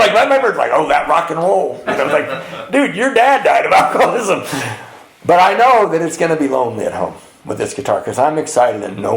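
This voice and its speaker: Guy telling a funny sober story in a big echoey room, raspy kinda high voice. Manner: animated storyteller, acts out voices, laughs often. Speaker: retreat speaker. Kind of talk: personal recovery testimony with humor. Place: retreat meeting hall. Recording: echoey hall with faint background noise.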